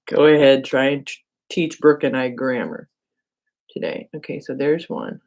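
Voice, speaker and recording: Hosting a casual live crafting demo on her channel, a woman chats with viewers, pokes fun at herself and thinks aloud as she works. She speaks in a low voice at a slightly slow pace, and the rough recording carries steady background noise and clicks.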